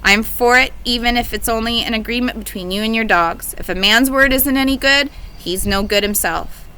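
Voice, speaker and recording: Woman reading as a slow-spoken, calm country father, kindly, storybook reading, bright voice. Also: fairly high pitch, clean tone.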